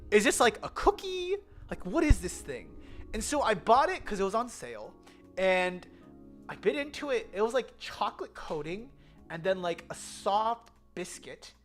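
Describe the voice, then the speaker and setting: An American woman telling a story in a casual vlog, animated and giggly. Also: medium pitch. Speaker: vlogger. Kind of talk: casual chatty vlog with slides.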